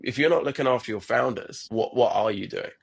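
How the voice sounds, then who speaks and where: This middle-aged founder of a startup talks fairly quickly in a gravelly, mid-range voice with a breathy edge. As a podcast guest in a reflective, conversational interview, he's earnest and tends to repeat words and start his sentences over.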